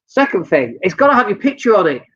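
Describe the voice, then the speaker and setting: A man's voice: sits high, big pitch swings, quick pace, pushed and bright, slightly rough, highs cut off. A Northern English man giving blunt, joking business advice during a live stream. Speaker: business coach.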